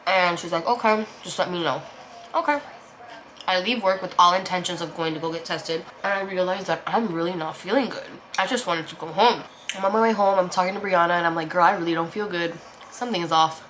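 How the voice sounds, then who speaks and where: A woman's voice: on the low side, a bit bright, slight background noise, rough recording. A woman in her twenties telling a personal story in a casual vlog, candid and emotional, swearing freely and filling her speech with "like". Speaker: vlogger. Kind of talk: casual storytime over a meal.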